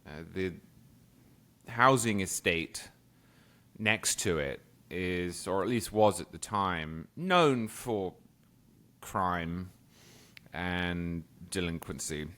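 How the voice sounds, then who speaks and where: A man's voice: deep voice, lively intonation, drawn-out words, pauses often, a bit bright. A man with a posh English accent, a guest chatting casually and telling stories with frequent laughs. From England. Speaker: podcast guest. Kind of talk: casual conversation.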